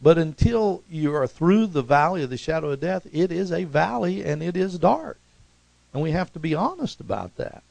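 A man preaching a sermon as pastor, swinging from emphatic, raised lines to soft, low asides, with calls to the congregation. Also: lively intonation, normal speed, gravelly, dry recording, rough recording. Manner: rises to emphatic peaks, then drops soft and low; preaching with congregational call-outs.

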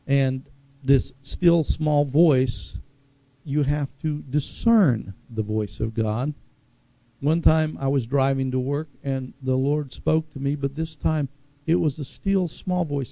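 Gravelly-voiced middle-aged male preacher. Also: medium pitch, mellow, no room sound, dull audio. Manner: conversational preaching, reads scripture aloud with asides. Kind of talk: sermon.

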